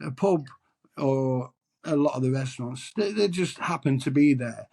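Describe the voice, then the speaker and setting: Husky chatty man. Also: mid-range voice, lively intonation, moderate pace, dark tone. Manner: chatty, storytelling, repeats words. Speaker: tribute singer. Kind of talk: interview answers.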